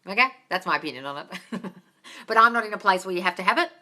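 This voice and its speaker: Aussie lady doing a live q&a on her phone, bright sharp voice, says darling a lot, swears casually. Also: medium pitch, lively intonation, quick pace. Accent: Australian. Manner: chatty, calls viewers darling, swears casually. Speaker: manifestation coach host. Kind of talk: live-stream Q&A, reading comments.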